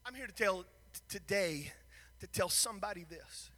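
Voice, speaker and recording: A man preaching a sermon, swinging from hushed near-whispers to shouted, sung-out lines in a chanting cadence. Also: high-pitched, moderate pace, in a large hall.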